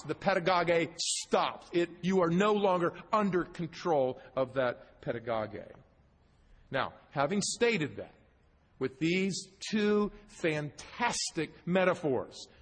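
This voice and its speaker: A man's voice: high-pitched, big pitch swings, slow, slightly rough, in a large hall, low-quality recording. A man preaching an emphatic teaching sermon, putting questions to the congregation as he explains the text.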